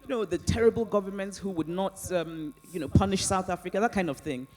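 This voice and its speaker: A woman, an author, answering audience questions on stage in an animated way, often laughing and restarting her sentences. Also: mid-range voice, brisk, faint music behind. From Nigeria. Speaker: author guest at a book festival. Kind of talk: onstage conversation and audience Q&A.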